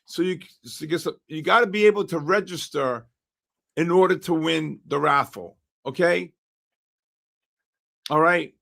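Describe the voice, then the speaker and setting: A hoarse man hosting a live trading stream, chatting with viewers by name while he calls trades. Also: fairly high pitch. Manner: animated, greets chat by name while calling trades. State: hoarse, losing his voice. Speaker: livestream host and futures trader.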